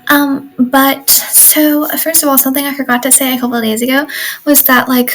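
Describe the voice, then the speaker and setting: A woman's voice: high voice, flat delivery, a little fast, fairly bright tone, rough recording. A teenage girl on a study exchange rambling through her day in a casual video diary, full of fillers and asides. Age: teens. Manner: chatty, rambling, lots of "like" and "um". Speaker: exchange student vlogger.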